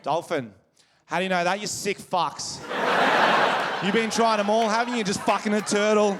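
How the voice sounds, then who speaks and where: A man's voice: sits high, moderate pace. A man with an Australian accent doing crude, brash stand-up comedy and crowd work on a stage before a live audience. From Wollongong, Australia. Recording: live show with audience noise.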